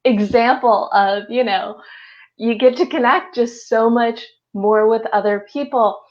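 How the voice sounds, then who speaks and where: An upbeat, encouraging woman with a fairly high voice hosts a live online interview and laughs easily. The sound is a little muffled, like a web stream. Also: steady tone, measured pace. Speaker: host.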